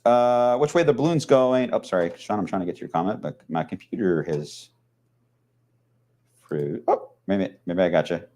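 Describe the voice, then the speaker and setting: A man's voice: low-pitched, normal speed, dark tone. A man with a Southern country accent, a TV meteorologist chatting casually on a weather livestream, mumbling and rambling with lots of fillers.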